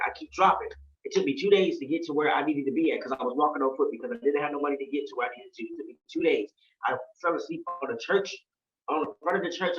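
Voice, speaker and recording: A man's voice: a little high, fairly bright tone. A man giving an emotional personal testimony, earnest and repetitive, often quoting other people in his story. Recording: roomy, distant, dull-sounding.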